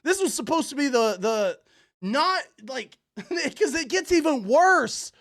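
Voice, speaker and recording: Profane, excitable male livestreamer. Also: very high voice, slow, vocal fry. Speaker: livestream host. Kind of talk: livestream commentary reacting to online posts.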